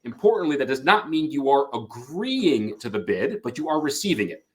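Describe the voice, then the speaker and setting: Animated man explaining a therapy concept. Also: mid-range voice, moderate pace. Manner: animated, acts out example dialogue. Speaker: couples therapist. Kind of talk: explanatory lecture.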